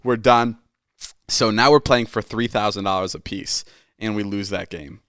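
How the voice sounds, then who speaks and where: Smooth-voiced young man telling a story. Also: fairly low pitch, moderate pace, no echo, clean studio sound. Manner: animated and profane, acts out friends' lines. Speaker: podcast host. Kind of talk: casual storytelling.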